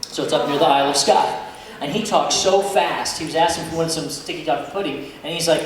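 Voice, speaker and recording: A man's voice: on the high side, a little fast, background noise. A man speaking as a guest voice actor at a convention panel, chatty and laughing often. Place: convention hall. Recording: echoey hall from far off, crowd ambience.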